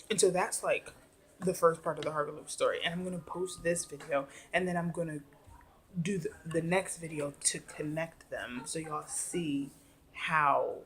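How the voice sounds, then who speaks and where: A woman's voice: low voice, fairly bright tone. A woman vlogger telling a story to her camera in a chatty, rambling way, full of fillers. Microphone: device camera.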